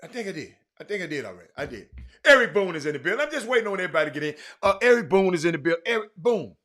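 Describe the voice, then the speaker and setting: A man's voice: high voice, very animated, rapid-fire. A man hosting a casual live-stream sports talk show, chatting loosely and greeting viewers by name. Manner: chatty, shouting out viewers by name, many restarts.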